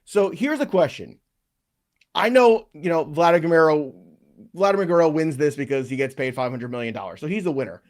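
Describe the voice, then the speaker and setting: A man's voice: a little high, lively intonation, brisk. A man co-hosting a podcast, playful and rambling, stumbling over his words in casual banter. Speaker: co-host.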